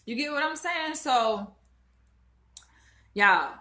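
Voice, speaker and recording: A woman's voice: high-pitched, lively intonation, slow, pushed and bright, slight background noise. A woman in her twenties from Florida, venting to her viewers in a casual, profane, emotional way and fighting back tears. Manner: emotional, profane, talks straight to viewers as "y'all". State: upset, holding back tears. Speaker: vlogger.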